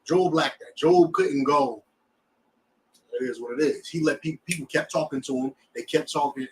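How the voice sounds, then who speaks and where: A man teaching a scripture class in an animated way, often checking that his students understand. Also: fairly high pitch, moderate pace, far from the mic, slight background noise, rough recording.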